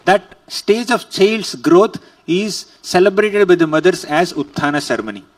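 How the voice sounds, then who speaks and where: A man's voice: a little high, no room sound, recorded from a distance, rough recording. A man as a spiritual teacher, giving a scripture lecture and telling stories emphatically, sometimes chanting verses.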